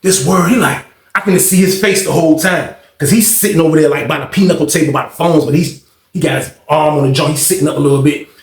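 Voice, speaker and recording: A man hosting a casual storytime monologue, animated and profane, acting out the voices in his tale. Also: a little high, quick pace, roomy sound. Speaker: storytelling channel host.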